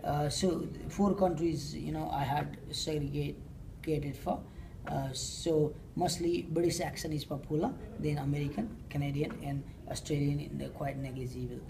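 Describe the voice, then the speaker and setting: A woman giving a class presentation of survey results, talking hesitantly with frequent fillers and pauses. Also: low voice, fairly even intonation, creaky, noisy background. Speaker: student presenter.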